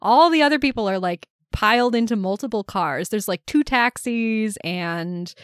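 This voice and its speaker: A woman co-hosting a podcast, retelling movie scenes in a casual, animated way and laughing often. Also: mid-range voice, moderate pace, no room sound, studio quality. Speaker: podcast co-host. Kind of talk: casual film discussion.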